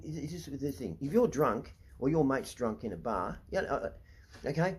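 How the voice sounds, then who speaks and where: A man's voice: medium pitch, sing-song, takes it slowly, pauses often. A middle-aged Australian man ranting to camera, blunt and profane, repeatedly asking "right?" as he talks. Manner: heated, indignant. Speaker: vlogger.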